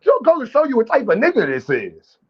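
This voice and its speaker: A brash, profane man talks fast and loose on his livestream, calling out viewers and ordering people into his chat. His voice sits high for a man. The sound is dull and lo-fi, like stream audio. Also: huge pitch swings, breathy edge. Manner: brash, profane trash-talking; addresses chat directly and calls out viewers. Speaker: boxing livestream host. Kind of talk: casual livestream commentary.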